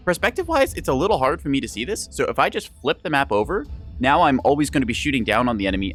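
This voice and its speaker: Lively, chatty young male game streamer. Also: medium pitch. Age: young adult. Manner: chatty and rambling, with frequent laughs and teasing asides. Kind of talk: casual live-stream game commentary.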